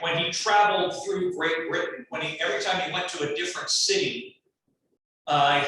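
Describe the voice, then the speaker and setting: A man's voice: fairly high pitch, bright, forceful tone, a little hiss or hum. A man giving a casual, digressive university lecture to a class. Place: lecture room. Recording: echoey lecture hall, mic far off.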